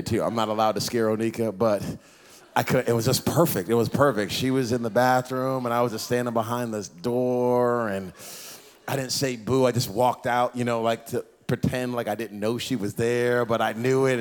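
A man preaching a sermon, animated and playful, acting out voices of Bible figures and teasing the congregation. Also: medium pitch. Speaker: pastor. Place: church.

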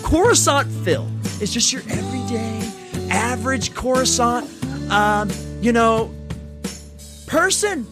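A podcast host rants in a casual, swearing chat, his pitch leaping about as he builds to loud outbursts. Guitar music plays under the talk. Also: lively intonation, slow.

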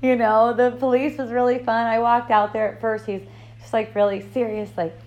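A woman hosting an online dialogue group tells a personal story casually, rambling, laughing often, and restarting many times in an upbeat, effusive way. Her voice is on the high side with little pitch movement at normal speed, and the audio is dull.

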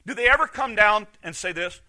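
A middle-aged man, a pastor, preaching a sermon with emphatic rhetorical questions that swing from loud to hushed. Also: high voice, animated, fairly quick.

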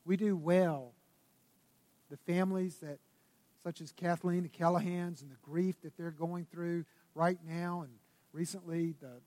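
High-voiced preacher in a reverberant hall. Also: male voice. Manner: dynamic preaching, swinging between loud bursts and hushed tones. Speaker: pastor. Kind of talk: sermon. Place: church sanctuary. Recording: long reverb of a church hall.

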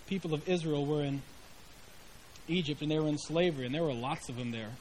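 A man's voice: a little high, a little fast, darkish tone, a little hiss or hum, low-quality recording. A middle-aged man preaching a sermon in a conversational way, acting out the quoted voices with inflection. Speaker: pastor.

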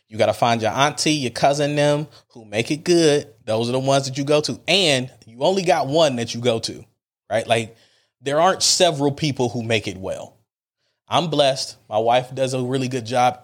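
A man hosting a podcast, telling a casual story in an animated, emphatic way with plenty of slang. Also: mid-range voice. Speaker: podcast host.

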